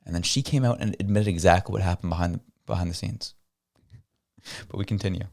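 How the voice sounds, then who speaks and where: A man's voice: low voice, fast talker, vocal fry, darkish tone. A man hosting political commentary, reacting to a played clip with incredulous, emphatic talk and repeated words for stress.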